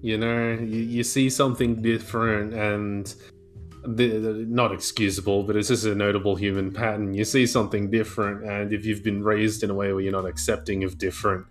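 A man's voice: fairly low pitch, flat delivery, a little fast, faint music behind. A man telling a rambling, profane, joking history rant in a casual podcast chat over a video call. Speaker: podcast co-host. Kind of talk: casual chat, comic storytelling.

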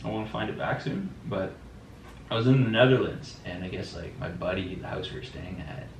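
A man with a fairly low voice tells stories in relaxed conversation. He gets animated as he acts out other people's lines. The sound is roomy and set back from the mic, with a faint hum behind. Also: brisk, recorded from a distance. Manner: animated storyteller, quotes people in lively voices. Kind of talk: casual chat.

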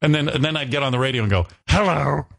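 A man's voice: medium pitch, rapid-fire, very noisy. A male talk show host telling a story in a rambling, self-mocking way, with some swearing. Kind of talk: casual talk show chat.

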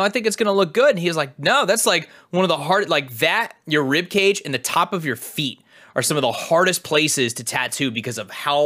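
A young man co-hosting a livestreamed podcast tells stories in a casual, rambling way packed with fillers. His voice is on the high side, bright and forceful.

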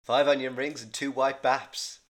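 A young man co-hosting a comedy podcast, teasing and quick with prompts. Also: mid-range voice, level tone. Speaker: podcast co-host. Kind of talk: casual chat.

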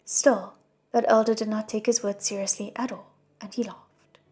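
A woman reading a novel aloud as an audiobook narrator, with a soft, hushed delivery. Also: mid-range voice, fairly even intonation, moderate pace, breathy edge. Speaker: audiobook reader. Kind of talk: scripted narration.

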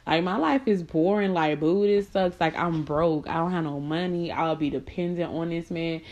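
A young adult woman telling a personal story in a casual, slangy, blunt way, laughing between lines and jumping into high mocking voices when she quotes people. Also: normal speed, darkish tone, dull audio.

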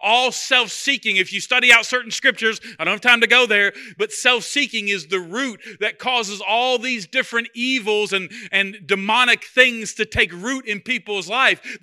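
A man's voice: high-pitched, bright, forceful tone. A man preaching a sermon as pastor, talking in a loose, conversational way with humor and repeated phrases.

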